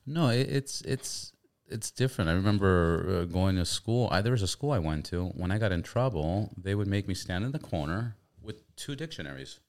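A low-voiced man who chats casually and tells animated stories, acting out the people he quotes. His pitch swings widely as he talks. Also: moderate pace. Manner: animated storyteller, acts out quotes. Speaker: podcast host. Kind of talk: casual chat.

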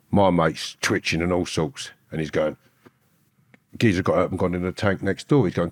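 A man's voice: sits low, steady tone, a little fast, a little mellow, no echo, studio quality. A man in his fifties, telling his story bluntly in streetwise slang. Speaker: guest who committed a kidnapping. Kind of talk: candid storytelling.

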